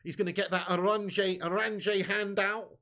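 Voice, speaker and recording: A man's voice: high-pitched, little pitch movement, moderate pace, bright, forceful tone. A man hosting a live match watch-along, reading out viewer chat with blunt, sweary football banter and lots of "mate" and "bud". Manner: chatty, often adds "mate" and "bud". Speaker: fan channel host reading live chat.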